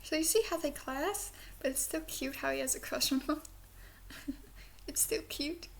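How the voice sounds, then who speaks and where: Young-sounding female vlogger from the US South, slight speech impediment, high voice, rambling casual review with whispered asides. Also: normal speed, vocal fry, slight background noise. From Southern United States. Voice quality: speech impediment that she says sounds British. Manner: chatty and giggly, with many "like" fillers and soft whispered asides. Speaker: video reviewer.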